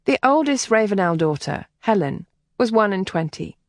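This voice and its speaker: Expressive woman narrating an audiobook. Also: medium pitch, moderate pace, dry recording, clean studio sound. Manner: expressive storytelling. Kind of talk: scripted narration.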